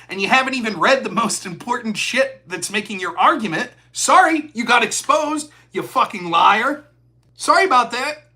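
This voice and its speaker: A man's voice: sits high, sharp tone. A man of forty hosting a live stream, talking in a profane, heated rant. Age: 40s. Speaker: host.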